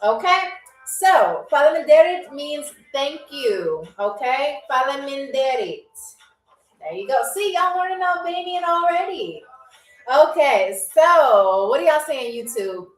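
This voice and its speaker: A woman with a high voice hosts a live game show, teasing her players in a chatty, playful way. She sits back from the mic in an echoey room, with faint music underneath. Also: very animated, measured pace, far from the mic. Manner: chatty, teasing, laughs often. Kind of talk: playful livestream hosting.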